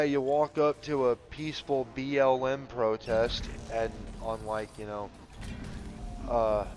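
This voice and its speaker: Man, gamer, slow drawn-out talk, rambling, filler-heavy, swears. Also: medium pitch. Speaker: gamer commentating a playthrough. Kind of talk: casual rambling chat.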